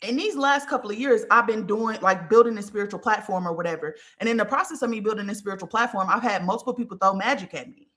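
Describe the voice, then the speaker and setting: A woman in her thirties talks through a personal story in a loose, casual monologue. Her voice is bright and forward, and she swears freely and builds up animated tellings. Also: mid-range voice, quick pace, hardly any pauses. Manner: candid, profane, animated storytelling. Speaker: podcast host.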